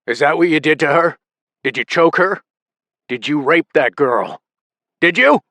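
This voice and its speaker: A man voicing a ruthless patriarch of a crime family who delivers slow, shouted threats. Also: medium pitch, no room sound. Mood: furious menace.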